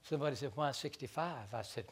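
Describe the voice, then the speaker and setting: A man preaching a sermon as pastor, stammering into repeated words and moving between quiet asides and loud stretches. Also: medium pitch, fast, breathy edge.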